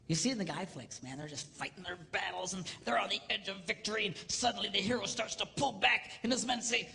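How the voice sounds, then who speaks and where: A middle-aged man giving a comedic marriage seminar, animated, acting out voices and dropping to a whisper for emphasis. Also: sits high, fast, vocal fry, big-room sound, a little hiss or hum. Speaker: seminar speaker.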